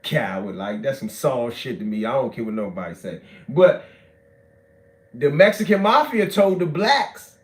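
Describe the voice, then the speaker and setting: A man, telling prison stories in animated, profane street talk that swings from shouts to low mutters. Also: moderate pace.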